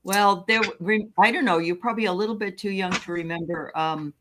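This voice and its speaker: A woman's voice: medium pitch, a little fast, background noise. A woman hosting a live-streamed tarot reading, chatting casually and rambling as she searches for words. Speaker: tarot reader host.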